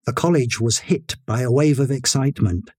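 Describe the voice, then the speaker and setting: A man narrating a story in a measured, expressive reading style. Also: mid-range voice, slightly rough, no room sound, clean studio sound.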